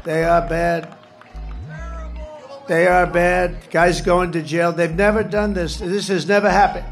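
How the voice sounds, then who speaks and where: A political candidate with a high, creaky voice gives a campaign rally speech through a stage microphone. Rambling without a script, he drives his points by repeating short phrases while faint music plays in the background.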